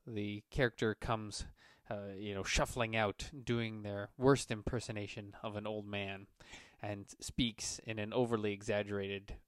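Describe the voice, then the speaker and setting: Male game master, low-pitched and dry, casual rambling narration. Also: clean tone, no echo. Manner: relaxed, rambling narration with many fillers.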